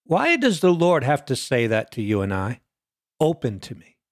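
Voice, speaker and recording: A man preaching a sermon, swinging between loud peaks and quiet low lines and asking the listeners question after question. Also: huge pitch swings, moderate pace, no room sound, studio quality.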